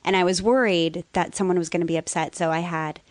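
A woman in casual conversation, telling a story animatedly and acting out the voices of others, at times rising to near-shouting. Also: on the low side, steady tone, fast talker, no echo. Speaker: guest author.

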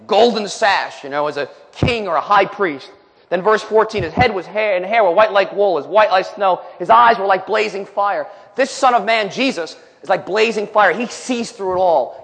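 A man's voice: sits high, creaky, fairly bright tone. A male preacher delivering an emphatic sermon, reading scripture aloud and commenting between the verses. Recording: long hall reverb.

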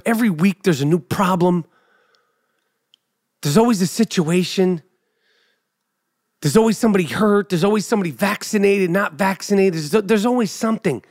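A man hosting a podcast, riffing on basketball in a brash, profane, animated way. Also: sits high. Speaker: podcast host. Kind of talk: casual basketball commentary monologue.

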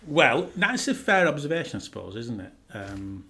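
A man co-hosting a podcast, dry and teasing, explaining his points with measured pauses. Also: medium pitch, sing-song, pushed and bright. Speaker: podcast co-host. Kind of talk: casual podcast chat.

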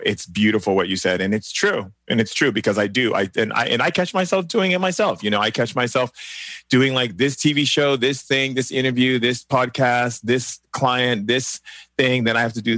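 A man's voice: fairly low pitch, a bit bright, no echo. A man hosting a podcast interview, effusive and exclamatory, laughing often. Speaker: podcast host. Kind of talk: enthusiastic interview chat.

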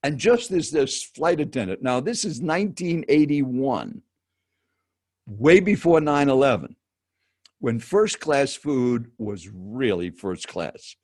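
A man in his seventies, a professional speaker and guest, telling a story with dramatic pauses and speaking directly to the host. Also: mid-range voice, expressive, darkish tone, dry recording, studio quality. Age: 70s. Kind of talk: animated storytelling.

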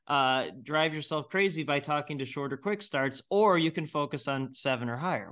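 A middle-aged man speaking as an interview guest in casual conversation. His pitch sits in the middle range, and he talks bluntly, dismissing ideas he disagrees with and laughing as he goes. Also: fairly bright tone. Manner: blunt, opinionated, laughs often. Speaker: guest entrepreneur.

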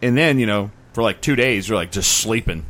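A man's voice: lowish voice, lively intonation, a little fast, fairly bright tone. A man co-hosting a podcast in casual chat, joking and slipping into silly voices. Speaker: podcast co-host.

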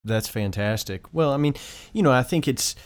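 A male podcast host chatting with a guest in a relaxed, encouraging way, with a few stammered restarts. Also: mid-range voice, moderate pace. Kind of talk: casual interview chat.

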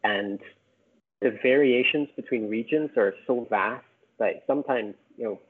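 A British man, an author appearing as a podcast guest, talks in a husky, medium-pitched voice at a measured pace. His casual chat rambles, full of fillers and restarts, and the audio sounds tinny, like a phone call.

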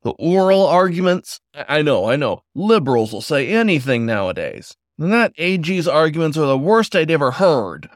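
A folksy old timberwolf politician, as a male narrator puts him on talks in a jovial, chummy way, louder and higher than plain narration. This storybook figure is overbearing but friendly on the surface. The sound is dry and close. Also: big pitch swings, normal speed, few pauses, clean tone, dry recording. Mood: chatty. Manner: chummy, hearty, raised voice. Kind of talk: storybook character voice.

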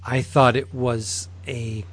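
A man's voice: mid-range voice, little pitch movement, a bit bright, breathy edge. A man co-hosting a casual podcast, chatting about comics and reading a sponsor plug. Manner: chatty, laughs easily, reads plugs briskly. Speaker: podcast co-host. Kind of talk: casual chat and sponsor read.

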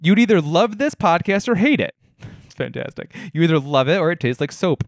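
A man's voice: a little high, very animated, brisk, creaky, no room sound, studio quality. A young man hosting a casual solo podcast from his living room, telling stories in a wry, self-deprecating way. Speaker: podcast host.

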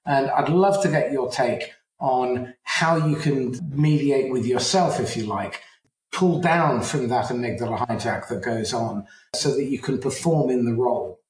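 A man's voice: mid-range voice, unhurried. Man asking probing questions in a roomy space. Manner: thoughtful, probing. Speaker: podcast host. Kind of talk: interview questions. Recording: roomy echo.

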